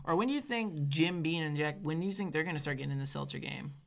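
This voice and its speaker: A man's voice: on the high side, quick pace, vocal fry, fairly bright tone. Profane ranting man in casual chat. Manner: profane, ranting, mock-scolding. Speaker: podcast co-host.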